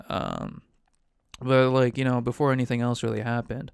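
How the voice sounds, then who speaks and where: Gravelly, smooth-voiced casual game master. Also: male voice, mid-range voice, very animated, measured pace, no room sound, clean studio sound. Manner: rambling, loose and profane, heavy on "like". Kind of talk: casual recap of a tabletop game.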